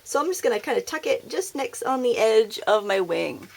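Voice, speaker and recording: A woman's voice: fairly high pitch, expressive, normal speed, creaky. A woman hosting a casual craft tutorial at her craft table, chatty, upbeat and self-deprecating. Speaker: craft video host.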